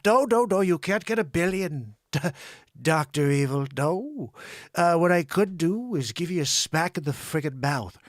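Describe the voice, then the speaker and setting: A man's voice: fairly high pitch, lively intonation, measured pace, dry recording, clean studio sound. A man doing a blustering billionaire president. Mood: indignant. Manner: boastful, indignant outbursts.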